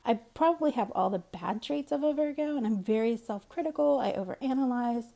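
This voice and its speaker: Woman, casual storyteller; soft, warm tone, rambling and candid. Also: fairly high pitch, expressive, a little fast, vocal fry.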